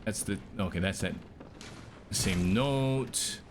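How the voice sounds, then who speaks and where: A man's voice: fairly low pitch, slow, background noise. A young man streaming a game live, chatting casually with his viewers and reacting to what happens on screen.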